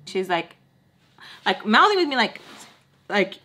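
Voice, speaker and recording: Animated young woman spilling a storytime. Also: mid-range voice, a little slow. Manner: animated and chatty, heavy use of "like," repeats phrases for emphasis. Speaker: storytime vlogger. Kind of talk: casual storytime chat. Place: at home, doing her makeup while talking.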